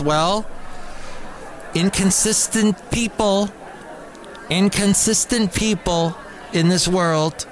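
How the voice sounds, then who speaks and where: A man hosting a casual solo podcast, rambling and exasperated, now and then mimicking other people in a high squeaky voice. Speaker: podcast host. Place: cafe.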